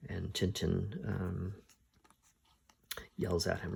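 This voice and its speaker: A man with a low, gravelly voice talks through a story at an easy, unhurried pace. He pauses often as he thinks aloud, and his tone stays husky throughout. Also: fairly even intonation. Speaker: podcast host reviewing comics. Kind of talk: casual spoken retelling of a story.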